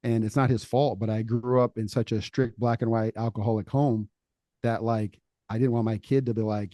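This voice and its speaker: A middle-aged man talks casually about faith, telling stories and acting out the people he quotes. His voice sits low and mellow, and the recording is dry and close with no room sound. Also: normal speed, no echo. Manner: animated storytelling, acts out quoted voices. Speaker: podcast co-host.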